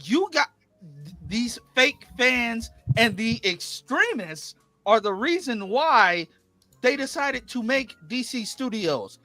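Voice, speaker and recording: Animated man talking excitedly as a fan. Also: very high voice, slow, dry recording, soft background music. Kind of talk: casual podcast chat.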